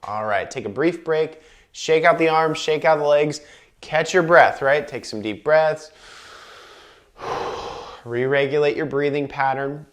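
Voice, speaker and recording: A man leading a guided breathing and movement class, calmly cueing each inhale and exhale, with chatty asides between cues. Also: on the high side, unhurried, long pauses. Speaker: movement instructor.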